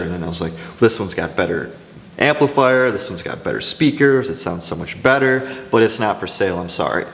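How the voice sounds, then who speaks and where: A craft business coach with a low voice and vocal fry gives business advice in a casual, rambling talk to camera, speaking fairly quickly. He tells animated stories and restarts often, and the audio carries a long reverb tail and a little hiss or hum.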